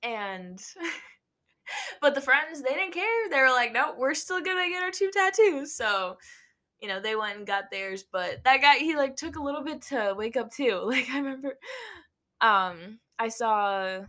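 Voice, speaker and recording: A woman's voice: fairly high pitch, lively intonation, measured pace, sharp tone. Chatty young woman telling a story. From Nebraska, USA. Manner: chatty, laughs often, many "like" fillers. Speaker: vlogger. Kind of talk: casual storytelling.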